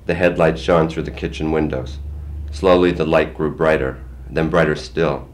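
An older man reading his own first-person story aloud in a plain, measured way. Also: very deep voice, steady tone. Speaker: memoir reader.

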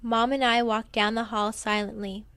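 A woman reading a first-person memoir aloud in a plain, quiet storytelling manner. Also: on the high side, little pitch movement, normal speed, smooth, no room sound. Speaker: narrator.

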